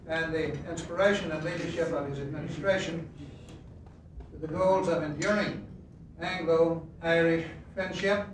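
A man giving a formal ceremonial toast with measured, solemn delivery. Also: fairly high pitch. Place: large ceremonial room. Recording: echoey hall from far off, noisy archive recording.

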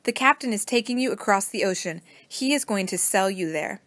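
A woman's voice: medium pitch, lively intonation, fairly quick, fairly bright tone, no echo, close to an everyday voice. A woman reading the part of a small, apologetic sailor in a storybook, speaking reluctantly.

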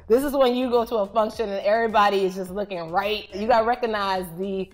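A woman's voice: medium pitch, quick pace, few pauses. Playful woman explaining slang, faint music. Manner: playful, animated.

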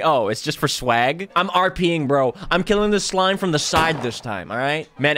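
Excitable young man streaming a game. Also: a little high. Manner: excitable, joking and profane, quick laughter. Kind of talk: live let's-play commentary.

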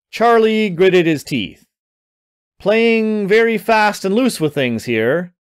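A man reading his own adventure story aloud, narrating in an expressive storytelling manner. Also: high voice, takes it slowly, smooth.

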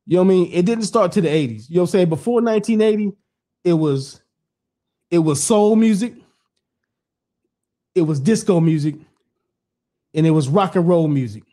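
Middle-aged man, slightly high but mellow voice, rambling, blunt podcast regular. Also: expressive, normal speed, pauses often. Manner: rambling, repeats "you know what I'm saying", blunt and profane. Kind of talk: casual podcast chat.

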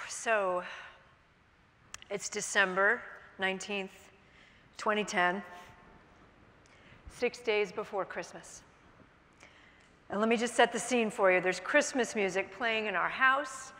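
A woman's voice: medium pitch, slow, pauses often, bright, forceful tone. Woman telling a story on stage. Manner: vivid present-tense storytelling, emotional at moments. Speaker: keynote speaker. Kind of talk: personal story told on stage. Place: large conference hall. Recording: hall reverb from a stage.

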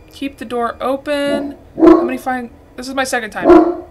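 A woman's voice: high voice, fairly even intonation, moderate pace, a little mellow. A young woman giving casual let's-play commentary, frantic and swearing as she talks to her viewers. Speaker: gaming streamer.

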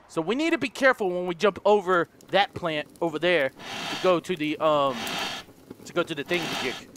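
A man's voice: high-pitched, bright, forceful tone, a little hiss or hum. A man playing a horror game for viewers, talking to them as he goes, often panicking, screaming and swearing at the monsters. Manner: talks to viewers as guys. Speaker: gaming YouTuber. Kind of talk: let's play commentary.

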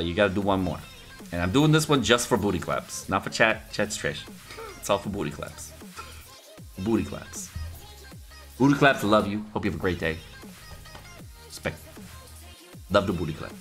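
A man's voice: low-pitched, expressive, moderate pace, pauses often, soft background music. A man hosting a gaming video, trash-talking friends in a joking, hyped commentary. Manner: joking trash talk, hyped, laughing often. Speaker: gaming YouTuber host. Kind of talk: casual gameplay commentary.

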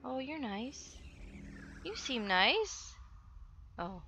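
A young woman giving casual gameplay commentary, chatty and excitable, with loud outbursts and some swearing. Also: high voice, very slow, a little hiss or hum. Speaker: let's play gamer.

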